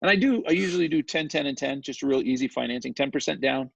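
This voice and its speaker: A male real estate developer, the guest on an interview, telling a story in a chatty, animated way and often checking in with "right?" The recording is dull and lo-fi. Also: medium pitch, fast, creaky, husky, dry recording.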